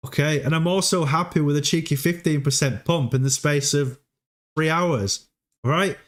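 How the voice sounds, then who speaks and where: A man's voice: fairly high pitch, moderate pace. A man hosting a crypto livestream, talking casually and emphatically, often checking in with "okay?". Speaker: crypto stream host. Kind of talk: casual advice monologue.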